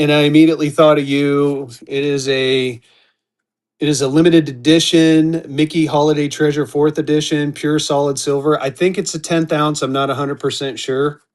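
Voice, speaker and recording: Chatty man hosting a live auction. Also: a little high. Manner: rambling and chatty, restarts, talks to viewers by name. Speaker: host of a live online auction. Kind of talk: casual live-stream selling chat.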